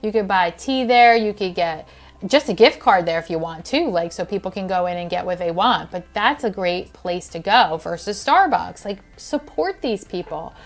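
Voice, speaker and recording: A woman's voice: fairly low pitch, animated, moderate pace. A woman hosting a health podcast, talking in a casual, earnest and heartfelt way with fillers and restarts. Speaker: podcast host and functional health practitioner.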